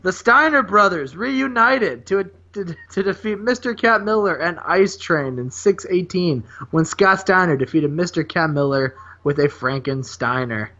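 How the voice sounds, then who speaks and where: A man hosting a casual podcast, excitedly recapping wrestling matches and laughing often. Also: sits high, measured pace, few pauses, dull audio. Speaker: podcast host.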